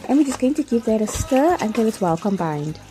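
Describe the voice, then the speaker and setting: A woman's voice: on the high side, very animated, a little fast, warm tone, a little hiss or hum. A woman giving a chatty, step-by-step cooking tutorial voice-over. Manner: chatty, step-by-step instructions with light laughs. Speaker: cooking vlogger. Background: background music.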